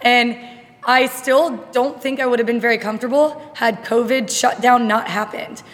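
A woman who coaches fitness, chatting on a podcast in a lively, self-deprecating way and laughing often. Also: fairly high pitch, normal speed. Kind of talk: casual podcast chat. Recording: long reverb in a hard room.

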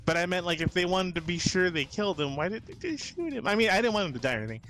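A man's voice: high-pitched, sing-song, very fast, fairly bright tone, soft background music. Hesitant man questioning film logic. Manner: questioning, hesitant, many restarts and laughs. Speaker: podcast co-host. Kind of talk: casual film review chat.

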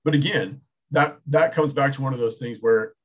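A man in his thirties talking sports in a loose, casual way. His voice has a husky edge. He circles his points, restarting and rephrasing as he goes. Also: mid-range voice, normal speed. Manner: rambling, many restarts, thinking aloud. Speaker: sports talk show co-host.

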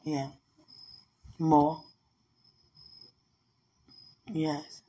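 A woman in casual, heartfelt talk with her partner, emotional and prayerful, often soft and murmured, with easy laughs. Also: low-pitched, flat delivery, very slow, slightly rough, dull audio. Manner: laughs easily, playful.

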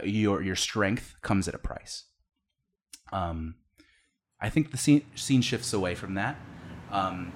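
A man narrating as game master for a tabletop game, rambling with many fillers and restarts. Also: on the low side.

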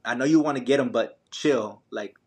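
A young man recounts a long race in lively, slangy speech, with plenty of "like" and "man" and frequent restarts. His voice sits at an ordinary middle pitch. He talks as a relaxed podcast guest. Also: normal speed. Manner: animated, slangy, many fillers and restarts. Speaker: podcast guest, ultramarathon runner. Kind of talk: casual storytelling.

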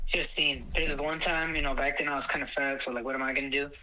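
A man, a podcast guest telling stories in relaxed, joking casual chat. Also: mid-range voice, fast, low-quality recording. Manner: joking, laid-back storytelling.

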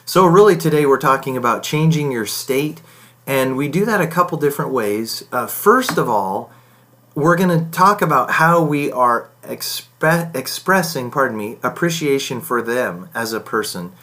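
A middle-aged man talks through marriage advice in a relaxed, unscripted way. He pauses on ums, backs up to correct himself, and keeps going in an easy everyday tone. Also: medium pitch. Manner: conversational, loose, with frequent ums and self-corrections. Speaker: marriage podcast host. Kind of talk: casual advice talk.

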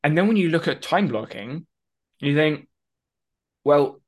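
A man co-hosting a podcast, explaining ideas in a casual, animated way with quick asides. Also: on the high side, husky. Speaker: podcast co-host. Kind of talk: casual conversation.

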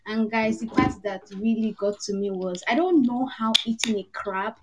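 High-voiced, swooning Nigerian woman. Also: moderate pace, slight background noise. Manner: dramatic, swooning and pidgin-laced. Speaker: podcast co-host. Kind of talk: casual fan chat.

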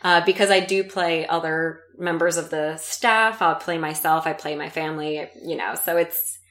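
Woman guest, 30s, chatty storyteller, lowish voice, roomy echo. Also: normal speed. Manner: animated storyteller, acts out quoted voices. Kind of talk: casual interview chat.

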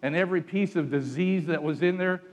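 A man preaching a sermon, telling the story dramatically and swinging from hushed lines to loud ones. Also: on the high side, fairly quick, in a large hall.

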